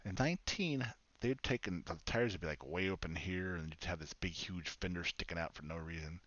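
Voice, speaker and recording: A man's voice: sits low, a little fast, a bit bright, no echo. A man chatting casually and rambling as he streams a farming game, laughing often. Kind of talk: casual live-stream commentary. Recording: dull lo-fi stream mic with faint noise.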